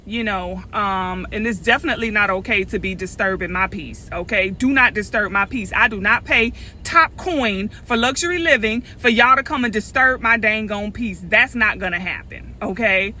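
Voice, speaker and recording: A middle-aged woman, telling a story in a casual vlog, animated and sassy, talking straight to her viewers. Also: mid-range voice, normal speed, few pauses, slight background noise. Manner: animated, sassy, talks straight to viewers with lots of "okay?" and "y'all". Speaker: vlogger.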